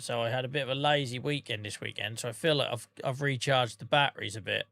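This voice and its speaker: A man's voice: medium pitch, fast talker, vocal fry, sharp tone, no room sound. A man streaming a game, chatting casually with his viewers by name and humming to himself between remarks. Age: adult with a day job. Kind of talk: casual livestream chat while gaming.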